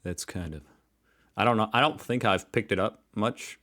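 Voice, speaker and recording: A man with a General American accent and a fairly low voice chats casually while reacting to a clip. He rambles a little and jokes at his own expense. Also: moderate pace, pushed and bright. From Pittsburgh, United States. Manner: joking, rambling, self-deprecating. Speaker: reaction video host.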